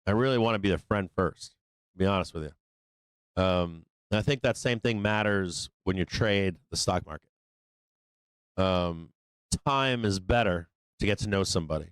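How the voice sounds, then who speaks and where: A man's voice: moderate pace, clear, resonant tone, dry recording. A man hosting a live stock trading show, giving casual, profane advice and joking around. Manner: profane, joking, acts out little scenes in higher voices. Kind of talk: casual rambling advice to viewers.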